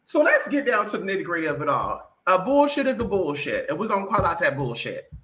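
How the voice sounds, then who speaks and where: Brash woman vlogger, profane and animated, bright voice in an echoey room. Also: lowish voice, brisk. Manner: blunt, profane, animated, mimics others. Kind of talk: casual opinionated monologue.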